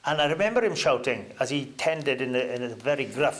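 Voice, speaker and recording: An older man sits as an interview guest and unspools anecdotes at an easy pace. His voice stays at a middling pitch but jumps up now and then as he gets into a story, broken by ums and uhs. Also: expressive, fairly quick, few pauses. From Wales. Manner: reminiscing, with hesitant fillers and sudden lifts in pitch.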